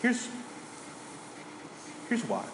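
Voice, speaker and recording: A man in his thirties, acting as a pastor, delivers a conversational sermon in a church hall, frequently posing questions to the audience. He draws out his words, and the echoey hall recording carries background noise.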